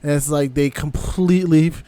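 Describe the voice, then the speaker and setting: A man's voice: on the high side, steady tone, moderate pace, crowd noise. A man co-hosting a casual wrestling podcast, joking and slipping into impressions. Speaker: podcast co-host.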